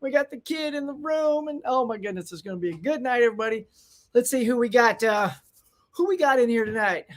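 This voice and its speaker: A man hosting a casual live stream from home, chatting excitedly and greeting viewers by name. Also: extremely high pitch, fairly quick. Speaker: channel host. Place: home room.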